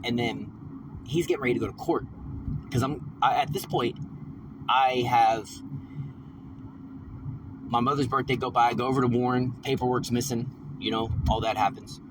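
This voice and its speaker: Recorded from a distance with faint vehicle noise, a man vents in a rambling after-work vlog from his vehicle, profane, worked up and repeating himself. He speaks in a mid-range voice at normal speed with fairly even intonation, pausing often.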